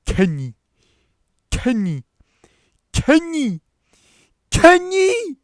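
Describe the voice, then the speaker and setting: Give me a man playing an unhinged stranger shrieking from the back of a small theater, high and piercing. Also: wildly swooping pitch, drawn-out words, no echo, studio quality, heavily acted. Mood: frantic yelling. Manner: shrill frantic shouting. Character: creepy man yelling from the back row.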